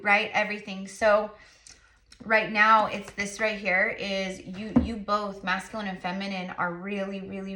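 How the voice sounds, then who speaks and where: Bright-voiced woman giving a tarot reading. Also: mid-range voice, echoey room, a little hiss or hum. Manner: rambling, many fillers, repeated affirmations. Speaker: tarot reader and psychic. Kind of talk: casual spiritual reading to camera.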